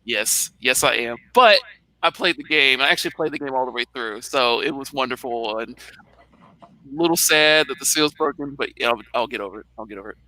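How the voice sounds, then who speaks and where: A man's voice: medium pitch, a little fast, sharp tone, no echo, rough recording. A man co-hosting a casual chat, talking freely with lots of fillers and acted-out moments. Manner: chatty, many "like" fillers, plays out little scenes. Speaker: podcast co-host.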